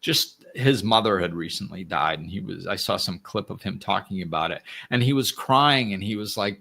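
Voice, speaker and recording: A man's voice: low-pitched, moderate pace, vocal fry, hardly any pauses. A man hosting his own show, talking earnestly and reassuringly in a reflective solo talk, often restarting his sentences. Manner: earnest, gently reassuring, with frequent restarts and "you know". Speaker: podcast host.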